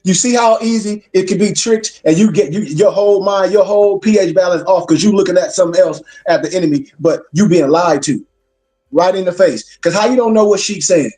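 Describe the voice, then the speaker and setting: A man's voice: high-pitched, fairly quick, warm tone, soft background music. A man lecturing his class as a minister, emphatic and preacherly, repeating his points for weight.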